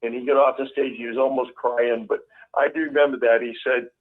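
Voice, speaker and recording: A man's voice: mid-range voice, little pitch movement, fairly quick. A man calling in and telling a funny memory in a plain, easygoing way over a phone line. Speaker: caller. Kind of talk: casual anecdote.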